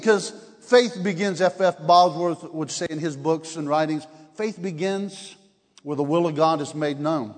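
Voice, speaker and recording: High-voiced man preaching with long reverb. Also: measured pace. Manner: energetic, laughing, swings from shouts to hushed tones. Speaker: evangelist. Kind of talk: revival sermon.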